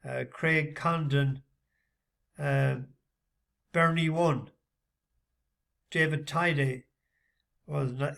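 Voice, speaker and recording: A man chatting casually in a vlog as a horse racing tipster, rambling with lots of halting fillers. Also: a little high, vocal fry, fairly bright tone.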